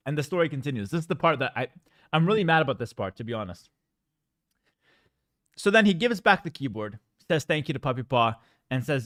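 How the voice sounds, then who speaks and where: A man's voice: medium pitch, animated, fairly quick, pauses often, fairly bright tone, dry recording. A man streaming, telling a story in a casual, joking way with exaggerated mock outrage.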